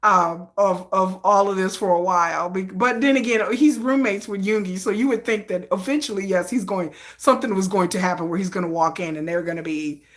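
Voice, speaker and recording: A woman's voice: mid-range voice, brisk, few pauses. A woman hosting a live stream, chatting casually and rambling through her fan fiction with frequent restarts.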